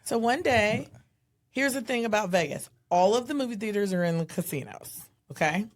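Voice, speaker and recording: A podcast co-host, a woman, tells a story at a moderate pace in casual chat. She's an animated storyteller who acts out quotes in a high voice.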